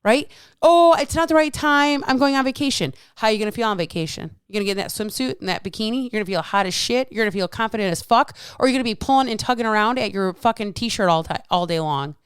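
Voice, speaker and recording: A woman in her thirties rants on her own podcast, blunt and exasperated, swearing freely. Her voice is smooth and clear. The sound is dry and close, with no room around it. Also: medium pitch, quick pace, few pauses, no room sound. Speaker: fitness coach and podcast host. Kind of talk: solo podcast rant.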